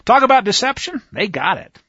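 A man leads a conversational Bible study in a high voice that leaps around his range. He is emphatic and speaks straight to his listeners. The recording is dry and a little dull. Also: fairly quick, husky, no room sound. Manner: animated, emphatic, talks to listeners directly. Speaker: Bible teacher.

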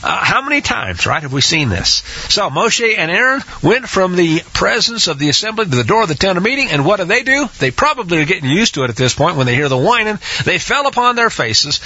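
A man's voice: high-pitched, big pitch swings, normal speed, pushed and bright, breathy edge, no room sound. A man teaching a scripture study, hesitant with many restarts and acting out the quotes, on a dull lo-fi recording. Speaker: Bible teacher.

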